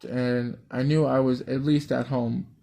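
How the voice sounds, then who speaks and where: Gravelly man rambling through a dream story. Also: mid-range voice, flat delivery, a little slow, dark tone. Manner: rambling, swears, stops for asides. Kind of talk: casual reading of a dream story.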